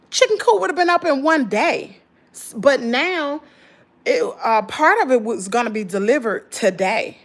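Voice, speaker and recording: A tired woman in her thirties with a Southern US accent, venting in casual chat to her viewers, swinging from loud exclaims to low muttering. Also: lively intonation, moderate pace. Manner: folksy slangy talk, addresses viewers as y'all. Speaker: channel host.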